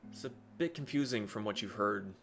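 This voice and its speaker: A man's voice: on the low side, expressive, brisk, gravelly, a bit bright, soft background music. A man narrating as game master of a tabletop game, with a rambling delivery full of fillers and restarts.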